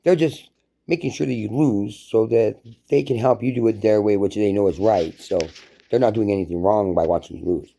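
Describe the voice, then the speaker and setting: Man, low very dark voice, rambling profane rant, solo vlogger. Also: normal speed, creaky. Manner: profane, heated, storytelling. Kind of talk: casual monologue rant.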